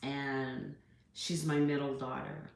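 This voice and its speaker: A middle-aged woman talks through a spiritual reflection in a slow, drawn-out way, leaving long pauses between her thoughts. Her voice sits low and has a gravelly edge. The room around her rings with echo. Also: flat delivery. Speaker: spiritual channel host.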